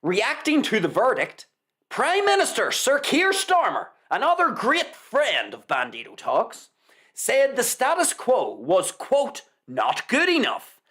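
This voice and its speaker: A man's voice: very high-pitched, a bit bright. Sarcastic man with a wildly swooping delivery. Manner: sarcastic, mock-reverent, repeats lines for effect. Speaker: host. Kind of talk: live news commentary, reading an article aloud.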